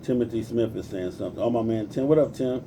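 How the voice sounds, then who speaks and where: A man's voice: medium pitch, quick pace, distant mic, background noise. Profane man in his forties ranting. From Compton, California. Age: 40s. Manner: profane, preachy, greets viewers by name. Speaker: livestream host. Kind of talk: casual livestream rant.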